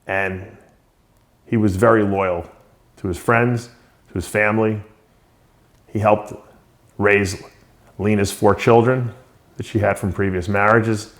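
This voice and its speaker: A man's voice: fairly low pitch, fairly even intonation, slow pace, long pauses. A male show host giving an unscripted spoken tribute to a late friend, reminiscing with frequent short laughs.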